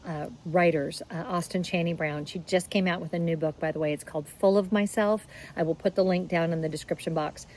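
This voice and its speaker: A middle-aged woman talks to her viewers in a relaxed, chatty way. Her voice sits a little low, and a faint hum of background noise runs under it. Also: poor audio. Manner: chatty, warm-hearted, emotional in places. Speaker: vlogger. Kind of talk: casual talk to camera.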